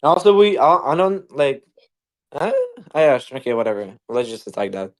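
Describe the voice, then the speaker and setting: A man's voice: mid-range voice, sing-song, normal speed, creaky. Profane, rambling young man debating. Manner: heated, profane, rambling with many fillers. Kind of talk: casual online voice-chat debate.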